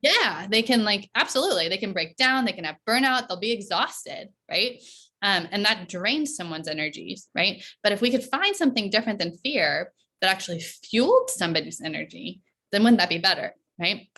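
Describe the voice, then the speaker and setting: A woman's voice: mid-range voice, expressive, moderate pace, bright, forceful tone. A woman performance coach talking in a casual podcast interview, tagging her points with "right?" and laughing often. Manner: chatty, tags sentences with "right?" and laughs often.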